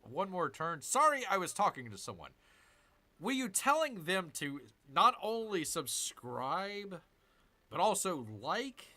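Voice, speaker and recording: Bright, lively man grumbling through a game. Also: a little high. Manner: jokey, grumbling, mock growls. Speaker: gaming channel host. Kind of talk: casual strategy game commentary.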